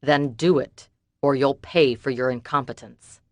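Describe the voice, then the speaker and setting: A woman's voice: very deep voice, unhurried, darkish tone, dry recording. A woman voicing a cold, threatening male crime boss in clipped lines, for an audiobook. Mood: menacing.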